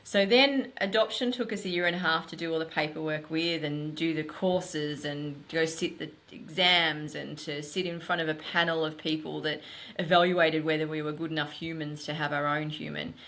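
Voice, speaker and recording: A middle-aged woman, a podcast guest, telling her story in a candid, animated and emphatic way. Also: sits low, moderate pace. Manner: animated, emphatic, runs thoughts together.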